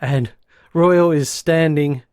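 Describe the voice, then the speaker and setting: A man co-hosting a podcast, recapping a sitcom plot in lively casual chat and dropping into quick voices for the characters. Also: a little high, clear, resonant tone, no echo, clean studio sound. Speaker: podcast co-host.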